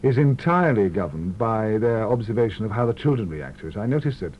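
A man with a low, richly varied voice swoops from deep murmurs to bright, eager peaks as he spins anecdotes for a radio interview. The sound is dull and muffled, an old 1970s broadcast archive with faint hum behind. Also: fairly quick. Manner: expansive, animated storytelling. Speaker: actor as interview guest.

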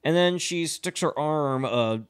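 A man's voice: fairly high pitch, measured pace, clear, resonant tone. A man hosting a podcast, casually recapping a movie plot in a rambling, profane way, full of fillers. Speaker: podcast host.

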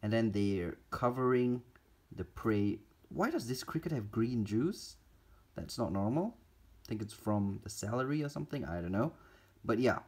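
A reptile and spider keeper vlogger narrates a casual pet-keeping vlog in a medium-pitched male voice that's a little mellow and slightly rough. He's chatty and teases his spiders while feeding them.

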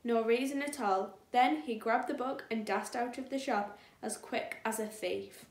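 A woman reading a story aloud for children at a church kids' group, clear and steady. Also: on the high side, measured pace, a little hiss or hum. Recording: echoey room.

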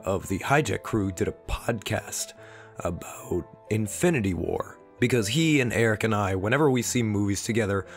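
A young man talks in a sick, wheezy voice that sits fairly low. He rambles through a personal vlog with a self-deprecating manner. Faint background music plays under him. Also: animated, normal speed. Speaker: channel host.

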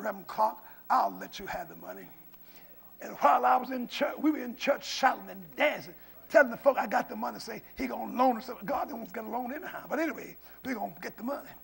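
Older man, pastor, sermon storytelling, very high pitch, hushed then shouting. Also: brisk, gravelly. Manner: preaching, swings from hushed to shouting.

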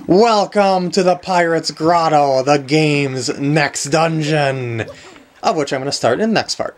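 A man's voice: fairly high pitch, expressive, unhurried, slight background noise. A man hosting a video game walkthrough, chatting casually and jokily while he plays, laughing often. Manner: playful, jokey, laughs often. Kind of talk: casual gameplay commentary.

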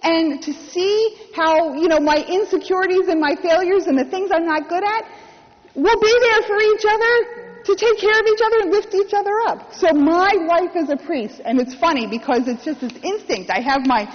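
A woman's voice: extremely high pitch, normal speed, long reverb tail, lo-fi sound. A woman priest giving a sermon, telling a personal story with wry humor and acted-out quotes.

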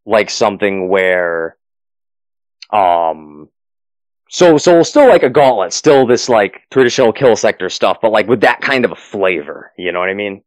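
A man's voice: on the low side, animated, measured pace, dry recording, poor audio. A man running a tabletop game as game master, narrating the finale and then chatting loosely with many fillers and restarts.

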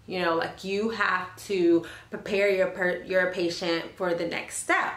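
A woman's voice: lowish voice, little pitch movement, unhurried, a bit bright, reverberant. A young woman and nursing student telling an emotional story in a chatty, casual vlog, with many fillers and restarts, recorded in her car.

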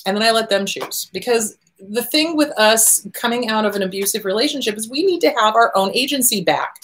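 A woman's voice: a little high, expressive, brisk, a bit bright. A middle-aged woman therapist hosting a show, talking casually and animatedly, often acting out the voices she quotes. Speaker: therapist host. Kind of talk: casual advice talk.

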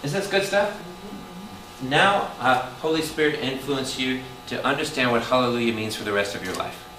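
In a church hall, a priest leads a Bible study, preaching with animation and calling out questions to quiz his listeners. His mid-range voice moves at a moderate pace, but he sounds far from the mic, with lots of echo from the roomy space and a steady noise underneath.

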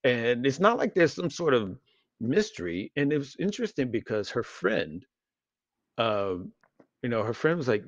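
A man's voice: medium pitch, sing-song, normal speed, no room sound, highs cut off. A man co-hosting a casual podcast chat, rambling and joking crudely, with frequent restarts. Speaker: podcast co-host.

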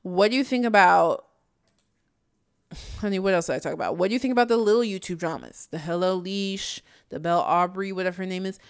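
A woman's voice: fairly low pitch, brisk, clean tone. A woman hosting a casual commentary video, chatting in a sassy way and laughing often. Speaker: YouTube commentary host. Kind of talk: casual chat.

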